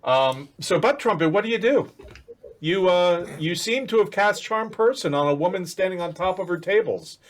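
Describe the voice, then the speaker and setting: Game master, male, high-pitched, rambling storyteller with lots of restarts. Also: expressive, moderate pace. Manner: rambling, self-correcting narration. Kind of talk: narrating a tabletop game.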